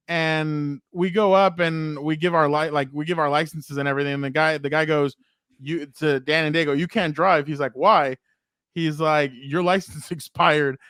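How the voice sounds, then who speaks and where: Man, somewhat high voice, animated storyteller, casual sports chat, dry sound. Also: clean tone, dry recording. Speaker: podcast host.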